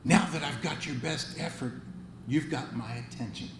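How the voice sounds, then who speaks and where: A man imitating a gruff gravelly German-accented statesman. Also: moderate pace, close to an everyday voice. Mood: curt. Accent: German, put on. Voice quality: deep gravelly. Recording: roomy hall, faint noise.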